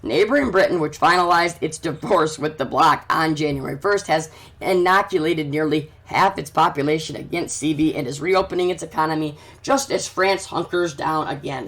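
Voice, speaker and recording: A man's voice: fairly high pitch, moderate pace, fairly bright tone. A man hosting a commentary vlog, reading news aloud and ranting about it in a fervent, preachy way that urges his listeners. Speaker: channel host.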